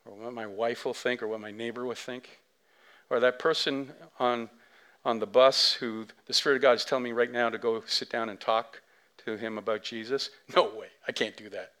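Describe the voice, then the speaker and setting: A male pastor preaching a sermon in an animated storytelling manner. His pitch sits in the middle but swings widely as he acts out the scenes. He talks casually, with plenty of asides and fillers. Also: moderate pace, smooth. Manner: animated storytelling, big swings from soft to loud; conversational, many fillers and asides.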